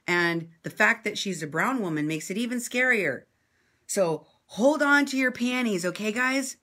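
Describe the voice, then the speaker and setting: A woman journalist giving impassioned commentary in response to viewer comments, assertive and sarcastic, swinging between loud outbursts and low asides. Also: expressive, normal speed. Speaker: independent journalist and vlogger.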